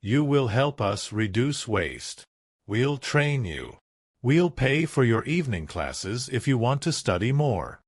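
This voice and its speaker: A man voicing a firm, commanding male company boss who speaks with measured authority in a storybook. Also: mid-range voice, sing-song, slightly rough, no room sound, clean studio sound, exaggerated voice. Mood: warm, firm.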